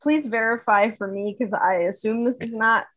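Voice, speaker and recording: A woman's voice: a little high, fairly even intonation, moderate pace, fairly bright tone. A woman co-hosting a podcast in casual, upbeat chat, full of "like" fillers. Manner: chatty, upbeat, many "like" fillers. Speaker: podcast co-host.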